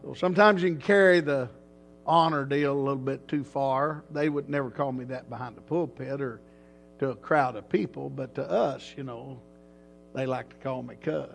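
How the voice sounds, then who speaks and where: A man's voice: medium pitch, normal speed, creaky, a little hiss or hum. A man who is a pastor, telling a folksy, rambling story in a casual way and chuckling often.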